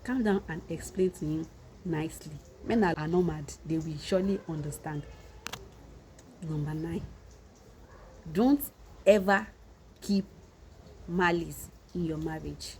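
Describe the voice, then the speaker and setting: A woman's voice: on the low side, dark tone, slight background noise, poor audio. A woman with a Nigerian Yoruba accent, giving earnest, repetitive marriage advice in a casual monologue.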